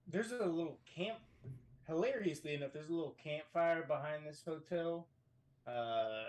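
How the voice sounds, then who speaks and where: A man talking as a guest on a casual podcast from a hotel room, telling profane, animated stories. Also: mid-range voice.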